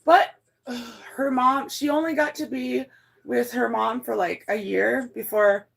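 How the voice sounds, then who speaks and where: A woman talks to her viewers from home in a high voice with a gravelly edge. She rambles through her feelings, swears freely and sounds close to tears. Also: steady tone, measured pace, fairly bright tone, low-quality recording. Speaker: vlogger. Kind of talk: casual chat to viewers. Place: at home indoors.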